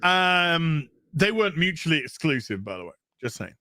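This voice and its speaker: A man's voice: a little high, sing-song, normal speed, sharp tone, dry recording, clean studio sound. A man hosting a casual live stream, reading out donations and thanking viewers in a loose, crude, jokey way.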